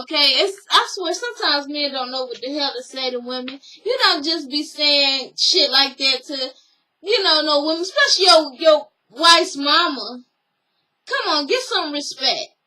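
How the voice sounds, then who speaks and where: A woman's voice: high-pitched, bright, forceful tone. A young woman vlogger casually recapping a show, with blunt, sassy, slang-filled commentary. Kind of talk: casual chat.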